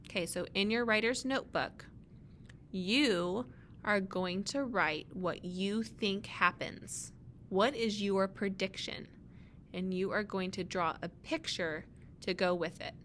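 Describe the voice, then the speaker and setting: A young woman teacher reading a picture book aloud to her students, gently pausing to ask them questions and give instructions. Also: mid-range voice, a little hiss or hum.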